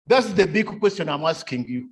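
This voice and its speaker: A man lectures in a seminar room at normal speed, his voice a little high, expressive and slightly rough. He leans on repeated key phrases and rhetorical questions, and he chuckles a lot.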